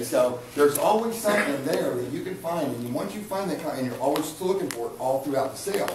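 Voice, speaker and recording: A man's voice: mid-range voice, recorded from a distance, slight background noise. A man leading a live sales training session, chatty and coaching, often repeating his words. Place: training room with an audience. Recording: echoey room from afar.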